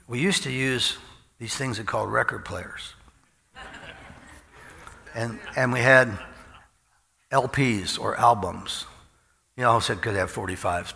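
A man's voice: medium pitch, creaky, bright, forceful tone, in a large hall. A middle-aged man preaching an informal sermon, telling folksy stories and chuckling often.

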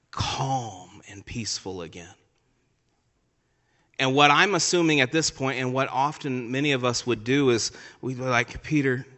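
A male pastor preaching a sermon in a church sanctuary, his voice trailing off into a long hall reverb. He swings between loud, emphatic declarations and soft, hushed asides, with a middle-pitched voice.

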